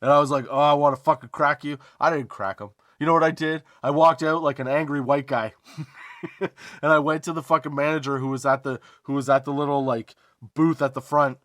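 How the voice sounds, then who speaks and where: A man hosting a comedy podcast, telling a story as a profane, emphatic rant, drawn-out emphasis and rhetorical asides like "okay?". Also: fairly high pitch, steady tone, a bit bright, dry recording, clean studio sound. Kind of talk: comedic ranting monologue.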